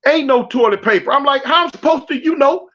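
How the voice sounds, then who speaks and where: Fairly quick and fairly bright, a very high-voiced man from South Central Los Angeles tells a prison story as a guest. He uses slang, repeats himself and acts out each quote, and the recording comes across dull and lo-fi.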